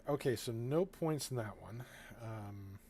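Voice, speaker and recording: A man acting as game master, narrating a tabletop game in a relaxed way, often chuckling and filling his talk with ums and uhs. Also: mid-range voice, unhurried, background noise. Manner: relaxed, chuckling, with filler-heavy asides.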